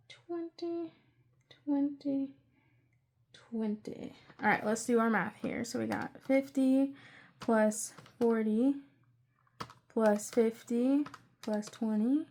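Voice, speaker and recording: Young woman, higher pitch, chatty budgeting vlogger who rambles into excited asides. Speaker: budgeting channel creator. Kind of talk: casual budget-with-me narration.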